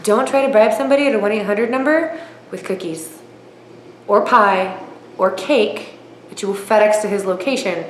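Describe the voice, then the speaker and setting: A woman telling a comic story in a vlog, self-mocking and lively, jumping high in pitch when she quotes herself. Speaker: aquarium hobbyist vlogger. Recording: roomy echo with faint noise.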